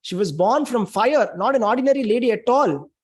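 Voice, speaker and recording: A man's voice: very high voice, animated, brisk, husky. A man giving a spiritual talk, retelling a scripture story in an emphatic, dramatic way with lots of repetition. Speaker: spiritual speaker.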